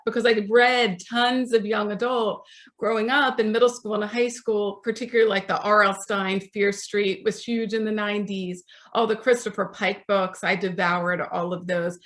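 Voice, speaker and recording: A woman in her forties speaks as a guest author in a podcast interview, her voice at a middle pitch. She tells her stories in a chatty way and acts out the voices of people she quotes. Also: flat delivery, normal speed, a bit bright.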